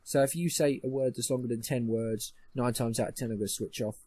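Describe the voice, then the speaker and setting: A man's voice: mid-range voice, fairly quick, dark tone, no room sound. A young man co-hosting a podcast, ranting and mocking in casual chat, swearing often. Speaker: podcast co-host.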